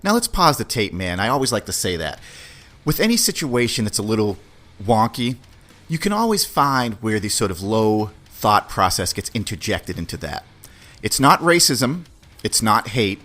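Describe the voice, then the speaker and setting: A man's voice: fairly low pitch, sing-song, sharp tone. A man hosting his own podcast, talking bluntly in a casual, opinionated monologue with slang and swearing, and acting out little dialogues. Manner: acts out little dialogues with put-on quick voices. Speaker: podcast host.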